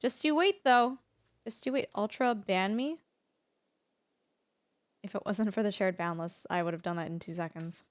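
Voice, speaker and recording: A woman's voice: mid-range voice, moderate pace, long pauses, no echo. A woman streaming a farming game, chatting casually and playfully teasing her viewers. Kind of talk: casual live-stream chat while gaming.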